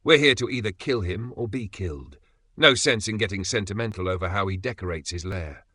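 A man voicing a weary, sardonic older knight who speaks in a dry, measured way. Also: fairly low pitch, pushed and bright, dry recording. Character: weary, sardonic veteran male knight, unflappable.

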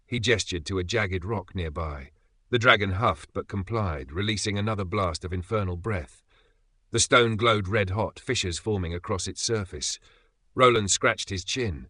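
A man narrating a fantasy story in an even, dramatic way. His voice sits fairly low but has a bright, forceful edge. The recording is dry and close, with no room sound. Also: normal speed, dry recording.

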